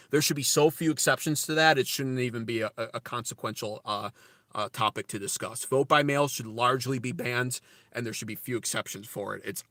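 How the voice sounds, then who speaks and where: Give me a man hosting a political livestream with an American accent, reading and mocking chat in a loud, cutting rant. His voice is bright and forceful, and the recording is dry and close, like a small car interior. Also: medium pitch, dry recording. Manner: brash, profane, ranting. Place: inside a car.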